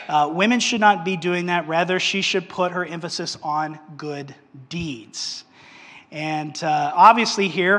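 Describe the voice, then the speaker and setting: Male pastor, informal sermon delivery, light upper-middle pitch, long hall reverb. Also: pushed and bright. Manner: conversational preaching with frequent "okay?" and "uh" fillers.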